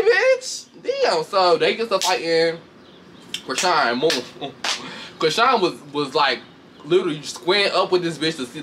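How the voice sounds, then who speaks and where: A man casually recapping a reality show fight with lots of swearing, laughter, and sudden high mocking voices. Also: a little hiss or hum. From Chicago. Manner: animated, profane, laughs often, shifts into high mocking voices. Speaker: commentator reacting to a reality show. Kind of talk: casual chat.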